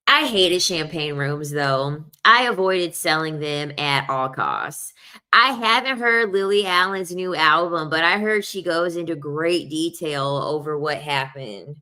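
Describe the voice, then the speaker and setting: A young adult woman telling personal stories in a casual, animated way, laughing often and acting out what people said. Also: on the low side, measured pace. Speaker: video host. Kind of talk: casual storytelling.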